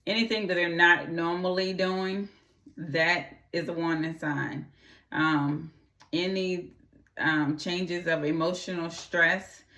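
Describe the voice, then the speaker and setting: A host talks earnestly to camera in a casual way, repeating her urgings to the audience and briefly acting out the voices of people she describes. Her voice is low-pitched with a fairly bright tone. The recording is reverberant, and she is far from the mic.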